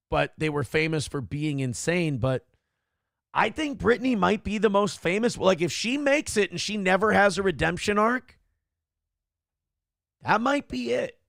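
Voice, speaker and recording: A man's voice: high voice, gravelly, a bit bright, no room sound. A male morning show host giving comedic, ranting commentary, sarcastic and profane as he mocks celebrities, on a close mic.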